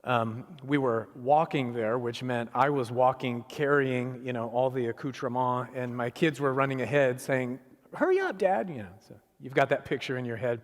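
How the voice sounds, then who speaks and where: Middle-aged guy preaching, lively storyteller doing little voices, big church echo. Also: mid-range voice, normal speed, hardly any pauses. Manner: animated storyteller acting out voices. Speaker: guest speaker. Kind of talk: storytelling sermon. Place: church sanctuary. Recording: long hall reverb.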